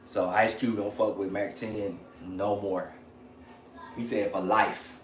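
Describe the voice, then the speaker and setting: A man hosting a livestream in casual chat, animated, slangy and profane, laughing often. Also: fairly low pitch, slow pace, reverberant, a little hiss or hum. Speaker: channel host on a livestream.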